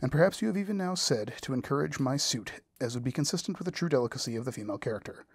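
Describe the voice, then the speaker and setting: A man reading the lines of a pompous, self-satisfied male clergyman proposing marriage, in a husky voice. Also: medium pitch, expressive, racing, no room sound, studio quality. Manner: long-winded formal proposal, read aloud.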